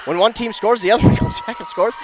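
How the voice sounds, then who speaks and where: A man giving excitable play-by-play commentary on a high school volleyball match, shouting on big plays. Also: fast talker, heavy background noise.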